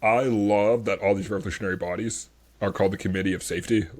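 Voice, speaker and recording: A man's voice: lowish voice, steady tone, quick pace, a little mellow. A man hosting a history podcast, chatting casually and enthusiastically, rambling with many fillers. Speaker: podcast host.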